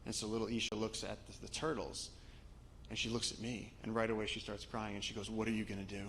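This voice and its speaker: A man with a low, gravelly voice tells stories to a live audience as a guest speaker. He speaks in loose, conversational anecdotes and often restarts his sentences. Faint noise sits under his voice. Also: little pitch movement, a little fast. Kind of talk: storytelling talk to a live audience.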